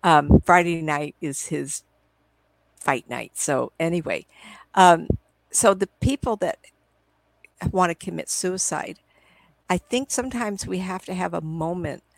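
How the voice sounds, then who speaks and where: A middle-aged woman working as a psychic medium talks at a measured pace in a gravelly, lowish voice, pausing often. She tells meandering stories in a live video interview over a computer call, quoting her past conversations, with no room sound and low-quality audio.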